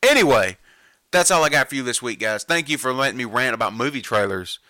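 A man hosting a podcast, ranting in casual talk and gushing like an excitable fan. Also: medium pitch, fast talker, no room sound. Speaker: podcast host. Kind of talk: casual movie-trailer rant.

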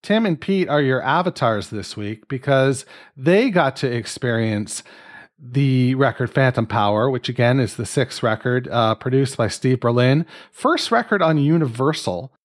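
A man hosts a casual podcast chat, upbeat and joking as he steers his friends along. His voice sits at a middle pitch. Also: expressive, measured pace. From Canada. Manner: upbeat, joking, loosely scripted. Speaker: podcast host.

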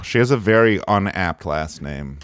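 Playful lively-voiced man hosting a podcast. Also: deep voice, normal speed, slight background noise. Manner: playful, mock-dramatic, breaks into laughter. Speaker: podcast host. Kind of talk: casual comedic podcast chat.

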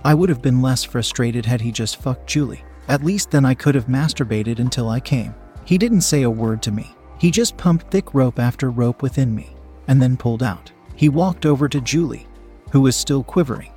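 A man reading a story aloud as narrator, in a steady, measured storytelling manner. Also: mid-range voice, faint music behind.

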